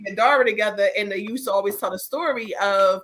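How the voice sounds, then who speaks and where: A woman co-hosting a casual money talk, chatty and animated, telling stories with many fillers. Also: mid-range voice, quick pace. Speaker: co-host.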